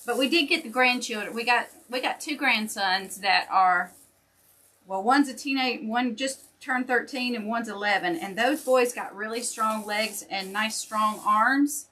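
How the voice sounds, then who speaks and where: Making wreaths on a livestream, an older woman who runs a shop talks casually and folksily with her viewers. Her voice is fairly high, bright, and forceful, and she talks a little slowly.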